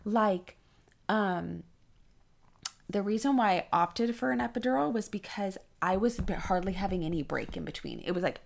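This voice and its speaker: A woman's voice: mid-range voice, normal speed, gravelly. A young adult woman casually telling a story as a podcast host, filling it with fillers and acted-out quotes. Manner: animated, acts out quoted voices, many fillers.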